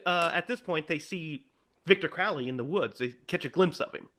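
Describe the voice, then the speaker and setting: A man co-hosting a podcast, casually retelling a film's plot and animatedly acting out its lines. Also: on the high side. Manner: animated, acts out lines in quick put-on voices. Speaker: podcast co-host.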